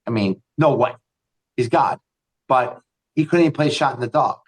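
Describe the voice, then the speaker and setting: A man's voice: medium pitch, normal speed, husky, poor audio. A man co-hosting a podcast in casual chat, rambling enthusiastically through stories. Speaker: podcast co-host.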